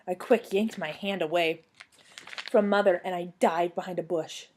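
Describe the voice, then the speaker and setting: A young woman reading a children's book aloud at home on her couch, telling the story to a former student with lively expression. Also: on the low side, normal speed.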